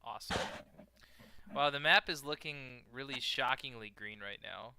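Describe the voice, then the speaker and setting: A man narrating a strategy match in an easygoing, rambling way, full of jokes and filler words. His voice is very bright and sharp, with a smooth, crisp tone. The sound is close and dry, with no room around it. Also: medium pitch, normal speed, no echo. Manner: rambling, joking banter with frequent fillers. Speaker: multiplayer strategy game player and co-host. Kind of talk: casual gameplay commentary.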